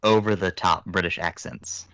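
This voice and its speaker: A woman in a podcast chat, chiming in with quick interjections. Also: extremely low pitch, steady tone, fairly bright tone, no echo. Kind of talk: casual chat.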